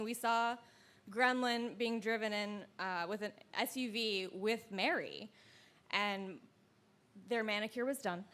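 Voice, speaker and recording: A woman in her thirties telling a true story live, with wry, deadpan comic asides. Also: fairly high pitch.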